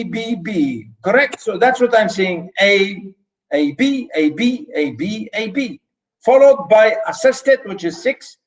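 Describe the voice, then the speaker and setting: Slow, halting male literature lecturer. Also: high voice, rough recording. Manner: halting, many fillers and restarts, counts syllables aloud. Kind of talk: classroom lecture. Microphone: recorded lecture.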